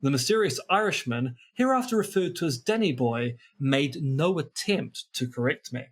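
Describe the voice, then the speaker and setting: A man's voice: medium pitch, animated, moderate pace. A man co-hosting a podcast, reading from a book with dry, wry asides. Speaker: podcast co-host. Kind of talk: reading aloud from a book in casual chat.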